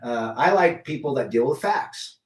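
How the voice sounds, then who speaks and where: Animated and medium in pitch, this middle-aged man talks at a normal speed as he hosts a casual livestream. He reads chat, says hello to chatters by name, and gives blunt opinions. There's a roomy echo from a mic positioned far away.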